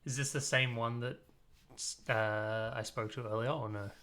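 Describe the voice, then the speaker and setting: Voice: mid-range voice, steady tone, normal speed, fairly bright tone. A player in a casual tabletop role-play session who talks bluntly and wryly.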